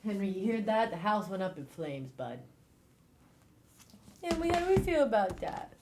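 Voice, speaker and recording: A young woman listening along, giving quiet low-key reactions and chatting to her pet. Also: huge pitch swings, moderate pace, background noise. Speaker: friend listening on stream. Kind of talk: casual chat.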